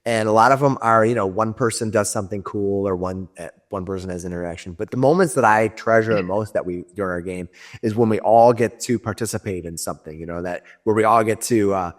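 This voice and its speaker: A man's voice: on the low side, fairly quick. A man, the game master, reminiscing about a tabletop game in a rambling way with many restarts.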